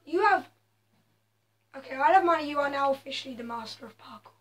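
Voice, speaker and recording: A high-pitched woman talks fast as a gaming video host, casually commenting on her own gameplay. She mocks her own skill and breaks into sudden exclamations.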